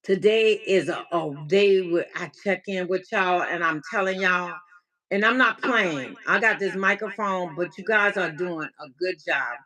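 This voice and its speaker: A woman's voice: fairly low pitch, a little slow, pushed and bright, poor audio. A woman life coach hosting a casual livestream check-in. She is playful and chatty, answers viewers by name, calls them baby and mixes in encouragement and faith talk.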